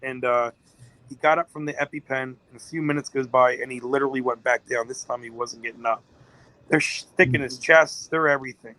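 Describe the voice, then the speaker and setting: A man's voice: mid-range voice, steady tone, fairly quick, sharp tone, low-quality recording. A man, a business-owner guest on a podcast, telling a long story in an emotional, rambling way.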